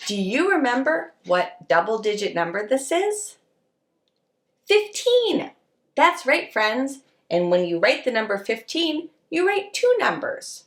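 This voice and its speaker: Woman, preschool teacher, circle time lesson, slow, very lively pitch, echoey room. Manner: slow, sing-song and encouraging, addressing children as friends.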